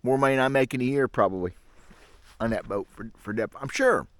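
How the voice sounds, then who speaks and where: A middle-aged man with a drawl talks to his camera out in the woods in a loose, grumbling ramble. His folksy, frank delivery sits at an ordinary pitch. The sound is dry, with little room around it. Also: a little fast, dry recording. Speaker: fishing channel host. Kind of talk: casual rambling monologue to camera. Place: outdoors in the woods. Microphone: camera mic.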